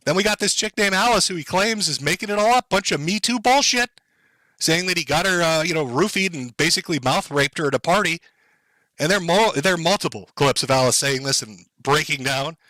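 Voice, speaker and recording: A man's voice: a little high, fairly quick, sharp tone, dry recording, poor audio. A man live-streaming sarcastic, profane commentary, mocking and sardonic as he reacts to clips.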